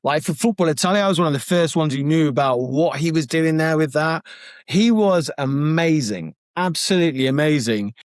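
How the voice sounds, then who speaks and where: A man co-hosting a podcast, telling an anecdote in an excitable, animated way. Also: fairly high pitch, normal speed, no echo, studio quality. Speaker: podcast co-host. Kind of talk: casual anecdote-telling chat.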